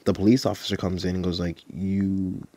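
A man's voice: deep voice, little pitch movement, fast, darkish tone, no echo. A young man hosting a podcast, telling a personal story in a rambling, casual way, full of "like" and swearing. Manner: rambling, heavy use of "like", profane. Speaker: podcast host.

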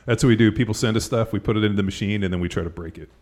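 This podcast host, a middle-aged man, speaks in a lowish, slightly mellow voice at a rapid-fire clip. He rambles through casual conversation, leaning heavily on "like" and "you know" and laughing readily.

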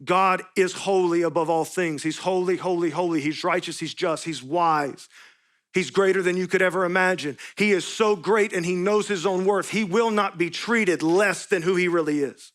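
Higher-voiced man preaching a sermon. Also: moderate pace, fairly bright tone. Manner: earnest, repetitive preaching with rhetorical questions. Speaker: pastor. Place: church sanctuary.

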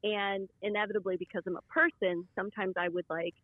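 A woman telling a self-deprecating story at an unhurried pace in a casual chat. Her voice is recorded dry and close, with no room sound. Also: medium pitch, fairly even intonation, dry recording, narrow, tinny audio. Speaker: guest.

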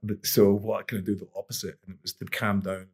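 A man's voice: fairly low pitch, little pitch movement, brisk, darkish tone, husky. A middle-aged man, a boxing coach and podcast guest, telling stories in an easygoing, rambling way with many restarts. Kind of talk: relaxed conversational storytelling.

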